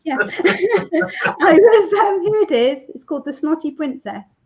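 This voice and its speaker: A woman author chatting in an interview, laughing often and filling pauses with ums. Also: very high-pitched, expressive. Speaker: romance author, interview guest. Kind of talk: casual interview chat. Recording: dull lo-fi sound.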